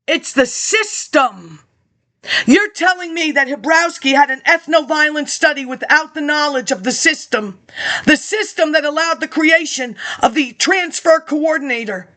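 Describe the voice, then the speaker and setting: A woman's voice: high voice, moderate pace, bright, forceful tone. A woman rambling through a monologue, reading old papers aloud and jumping between topics with sarcastic asides.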